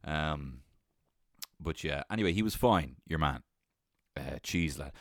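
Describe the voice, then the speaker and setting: Guy, young, animated storyteller, lively swinging pitch, dry close sound, salty language. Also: measured pace, no room sound. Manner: animated, swearing, laughing often. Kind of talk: casual storytelling.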